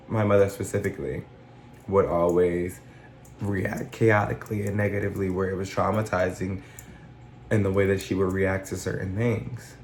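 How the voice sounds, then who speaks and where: A man's voice: fairly low pitch, slight background noise. A man giving a casual, reflective commentary on song lyrics as a life coach, explaining ideas through everyday examples. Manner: reflective, explains with examples, paraphrases lines in an imagined speaking voice. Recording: roomy echo with faint background music.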